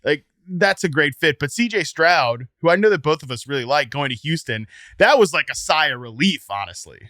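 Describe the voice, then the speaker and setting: Bright-voiced man, animated sports talk. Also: fairly high pitch, a little fast, no room sound, clean studio sound. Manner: animated, joking. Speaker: podcast co-host.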